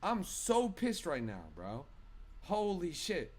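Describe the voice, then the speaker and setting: A man's voice: high-pitched, wildly swooping pitch, takes it slowly, darkish tone, breathy edge. A man live streaming, ranting angrily and profanely at his chat.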